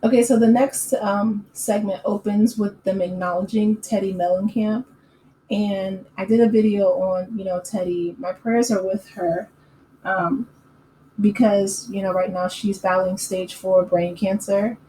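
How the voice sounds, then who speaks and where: A woman hosting a casual recap channel, chatting in an opinionated way with lots of fillers and quick laughs. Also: mid-range voice, fairly even intonation, dark tone. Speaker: YouTube recap host. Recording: echoey room with faint ambient noise.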